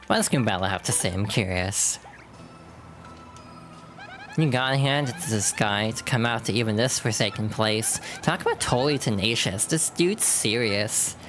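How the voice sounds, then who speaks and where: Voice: medium pitch, a bit bright. A streamer casually commenting while playing a video game, with chatty, self-correcting asides.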